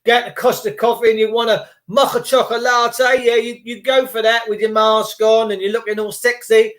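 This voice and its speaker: A man ranting casually to his viewers, acting out little scenes in quick put-on voices, slangy and swearing. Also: very high-pitched, level tone, fairly bright tone. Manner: slangy, swears, rhetorical questions. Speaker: video host.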